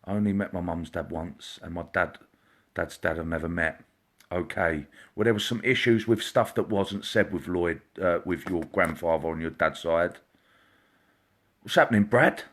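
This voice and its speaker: Greeting viewers by name, a psychic medium talks chattily through a casual live stream and occasionally lowers to a quiet murmur. His low voice moves at a normal speed, captured through a computer or phone microphone.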